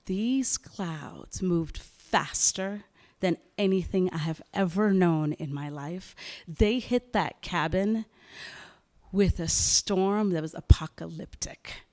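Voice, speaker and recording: A woman novelist tells a story at a live writers' event, animated and dramatic, acting out bits of dialogue. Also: fairly low pitch, takes it slowly.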